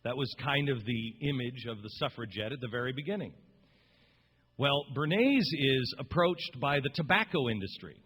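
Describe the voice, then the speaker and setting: A man's voice: mid-range voice, animated, normal speed, fairly bright tone, breathy edge. A man hosting a talk radio show, telling a story in an impassioned, rambling, emphatic way. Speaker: radio host. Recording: long reverb.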